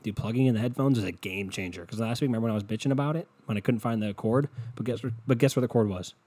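A man's voice: mid-range voice, very fast, mellow, husky. Swearing, frustrated man ranting on a podcast. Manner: profane, frustrated, sarcastic ranting. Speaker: podcast host. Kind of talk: casual solo podcast rant. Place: indoors at home. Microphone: USB podcast mic with windscreen.

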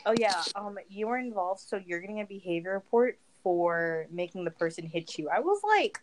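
A young woman in casual chat, wry and quick to laugh. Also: medium pitch, lively intonation. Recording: noisy background hiss.

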